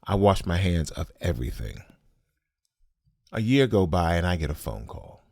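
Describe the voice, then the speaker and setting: A man with a very low, deep voice tells a personal story as a podcast host. He speaks bluntly and emphatically and swears freely. The recording is dry and close, with no room sound. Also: big pitch swings, normal speed, darkish tone, no room sound.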